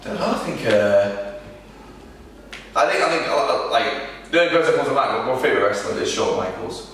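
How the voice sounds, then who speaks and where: A man's voice: medium pitch, lively intonation, a bit bright. Echoey, distant male wrestler. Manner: halting, many restarts and fillers. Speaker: wrestler being interviewed. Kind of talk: casual interview answers. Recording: echoey room from far off.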